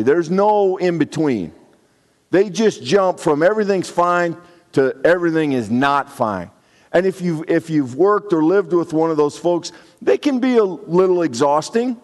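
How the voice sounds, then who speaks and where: A man's voice: fairly high pitch, expressive, moderate pace, a little mellow, in a large hall. A man preaching a sermon in a conversational, reflective way, now and then acting out short quotes. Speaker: pastor.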